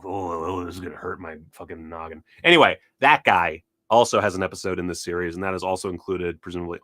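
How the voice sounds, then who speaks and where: A man giving rambling, excitable, profane commentary as he browses film releases, often losing his train of thought. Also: sits low, no echo. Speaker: cult film video host. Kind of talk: casual unscripted browsing commentary.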